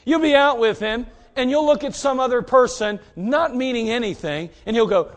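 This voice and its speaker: High-voiced impassioned preacher, man. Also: moderate pace, hardly any pauses. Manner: impassioned, swings between loud emphasis and low asides; folksy and direct. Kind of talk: sermon.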